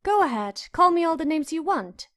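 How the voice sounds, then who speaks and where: A woman's voice: high voice, expressive, moderate pace. A woman reading an audiobook, voicing a proud young noble girl who talks in a haughty, airy manner.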